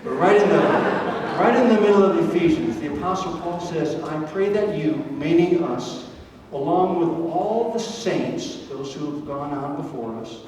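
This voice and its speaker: An older man doing live comic storytelling with a faith message, wry and deadpan, dropping to soft, slow lines for tender moments. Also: on the high side, distant mic, slight background noise. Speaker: stand-up storyteller. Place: large reverberant camp hall. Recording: very echoey hall picked up from afar.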